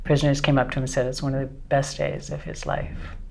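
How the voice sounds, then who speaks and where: A woman's voice: very deep voice, level tone, creaky, a little hiss or hum. A woman interviewing a musician, eagerly recalling shared memories and agreeing often. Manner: warmly reminiscing, eager, quick agreeing. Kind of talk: casual interview chat.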